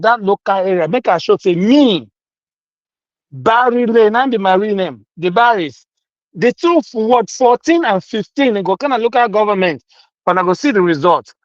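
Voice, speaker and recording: Man, Nigerian accent, high voice, animated, Pidgin-mixed chat, lo-fi dull call audio. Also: no echo. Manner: animated, mixes Pidgin and English. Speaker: guest speaker. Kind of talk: casual political chat.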